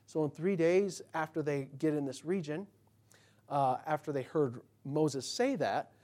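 A man preaching in a loose, conversational way. He drops into soft asides, then jumps to loud, emphatic bursts. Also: on the high side, measured pace. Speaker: pastor. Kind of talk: sermon.

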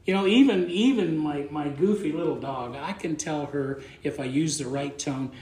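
A man's voice: on the high side, moderate pace, few pauses, a little mellow, echoey room. A man preaching a conversational sermon as pastor, plain-spoken and folksy, often repeating words as he thinks aloud.

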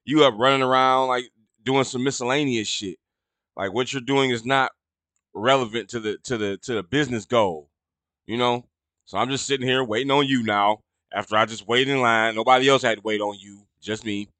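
Profane ranting man, bright and dry. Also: moderate pace, no room sound. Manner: profane, rambling, gets loud and high when indignant. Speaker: podcast host. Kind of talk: casual storytelling rant.

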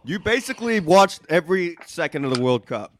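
A man's voice: fairly high pitch, big pitch swings, brisk, a little hiss or hum. A man co-hosting a crude comedy podcast, laid-back and teasing, laughing along often. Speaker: podcast co-host.

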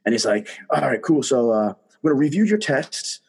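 A man, a guest telling his story in casual conversation, animated and emphatic. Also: mid-range voice, moderate pace, gravelly, slightly rough.

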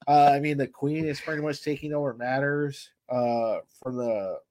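A man's voice: mid-range voice, fairly even intonation, normal speed, darkish tone. A man in casual chat, summarizing a TV plot in a laid-back way with many fillers. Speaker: podcast co-host. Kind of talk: casual show recap chat.

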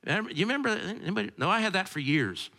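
A middle-aged male preacher whose voice rises and falls a lot. His tone is bright and forward. He stumbles and repeats words and drifts into chatty asides. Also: high voice, very animated, very fast. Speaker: pastor. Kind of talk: sermon with opening prayer.

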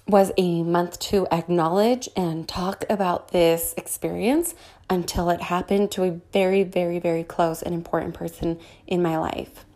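A young woman hosting a casual podcast, bubbly and quick to laugh, with a voice she calls high-pitched. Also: darkish tone. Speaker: podcast host.

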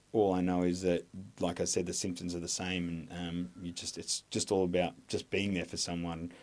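A man's voice: low-pitched, a little mellow. An Australian man, an army veteran, talking candidly in an interview in a rambling way, with lots of hesitation and frequent swearing.

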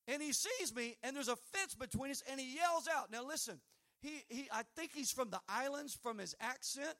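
A preacher telling a folksy, rambling story from the pulpit. His voice sits very high and bright, and he climbs toward loud, fervent praise. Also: lively intonation, normal speed. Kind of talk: sermon storytelling.

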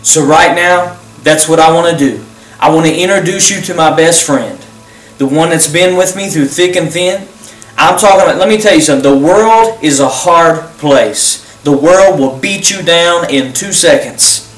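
Over soft background music, a pastor who also hosts the program speaks at a moderate pace in a voice on the high side. He makes an impassioned, repetitive altar call to close and then leads a prayer, captured with a distant mic in a roomy space.

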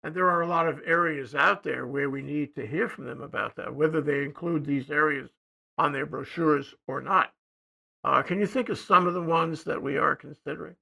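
Gravelly, bright-toned older man, rambling. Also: fairly high pitch, normal speed. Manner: rambling, hesitant, trails off quietly. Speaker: co-host. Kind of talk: casual political discussion.

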